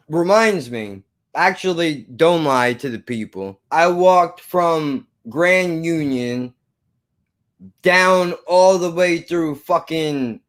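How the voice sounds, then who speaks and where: A man tells a story from his youth, cursing freely and jumping in and out of the voices of the people in it. His voice sits a bit high for a man and swings up and down in pitch. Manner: animated, swearing, acts out both sides of an argument. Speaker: vlogger telling a personal story. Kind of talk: profane storytelling monologue.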